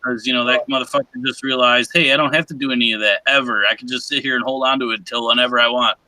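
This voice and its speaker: Brief: male co-host, loose rambling banter, very bright tense voice, dry close sound. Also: mid-range voice, steady tone, very fast, no echo, low-quality recording. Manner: rambling, joking, slips into put-on voices. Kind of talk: casual banter on a livestream show.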